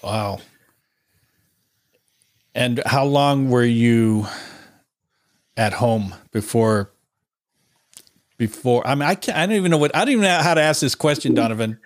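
A man's voice: mid-range voice, expressive, unhurried, long pauses. A man co-hosting a podcast interview who asks questions hesitantly, repeating words. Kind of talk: interview conversation.

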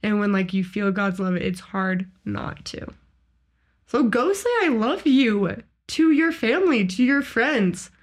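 A woman's voice: medium pitch, measured pace. A young woman co-hosting a podcast, sharing faith in an earnest, heartfelt casual chat full of "like" fillers. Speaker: podcast co-host.

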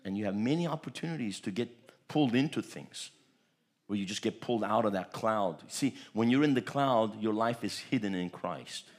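A pastor from Turkey preaching a sermon, telling stories animatedly and often repeating words. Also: male voice, lowish voice, expressive, normal speed. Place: church.

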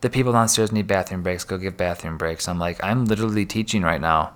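A man's voice: low-pitched, fast talker. A young man casually telling stories from his past jobs, acting out the people he quotes. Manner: animated storyteller, acts out quoted voices. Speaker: guest. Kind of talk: casual storytelling chat.

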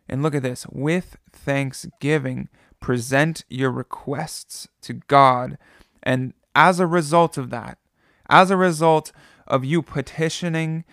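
A man's voice: medium pitch, creaky, a bit bright, no room sound, clean studio sound. A man in his thirties giving a sermon in an earnest, conversational way, often repeating phrases for emphasis. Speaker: pastor.

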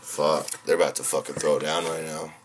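A young man chatting casually while streaming, excitable and swearing constantly, swinging from mumbling to shouting. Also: a bass voice, moderate pace, background noise. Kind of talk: casual profane livestream chatter.

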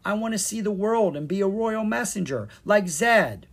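An earnest young fairy boy pleads in a raised, lively voice with a husky edge, as the storybook narrator plays him. He sounds sincere and hopeful. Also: mid-range voice, moderate pace, voice pushed up.

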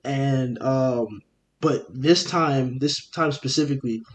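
A young man, a podcast co-host, telling a story in casual chat, animated and profane, acting out what everyone said. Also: mid-range voice. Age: young adult. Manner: animated, profane, rapid retelling with quoted dialogue.

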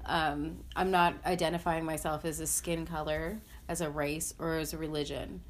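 A woman chats earnestly with a friend, her voice sitting slightly low. She strings her thoughts together with plenty of "like" fillers. The talk is loose and unscripted. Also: little pitch movement, normal speed, a little hiss or hum. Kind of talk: casual chat.

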